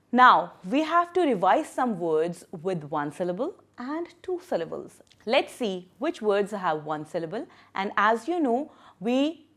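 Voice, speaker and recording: Female primary English teacher, animated pitch, emphatic and patient, recorded lesson walkthrough. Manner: lively and emphatic, stressing syllables and key words; patient, repeats words for young learners.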